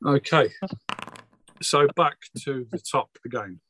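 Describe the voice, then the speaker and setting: A man's voice: mid-range voice, slow pace, a bit bright, slight background noise. A man acting as game master for a tabletop game over a voice call, talking casually with plenty of hesitations. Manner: casual, hesitant, full of ums. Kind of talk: running a tabletop game online. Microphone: home mic on a voice call.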